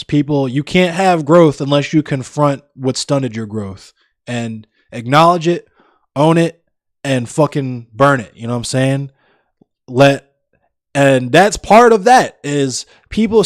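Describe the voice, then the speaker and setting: A man's voice: a little high, no room sound, studio quality. A young man livestreaming, chatting casually with viewers in a blunt, profane, ranting way. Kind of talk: casual chat with live viewers.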